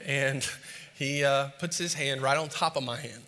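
A man from the States, preaching a sermon as an animated, self-mocking storyteller before a live audience. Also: medium pitch, moderate pace, in a large hall. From Southern United States.

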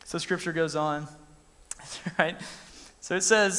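A youth pastor giving a casual, animated sermon and acting out the story as he goes. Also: a little high, slow pace, pauses often. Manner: animated, conversational, acts out scenes. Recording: long reverb in a large room.

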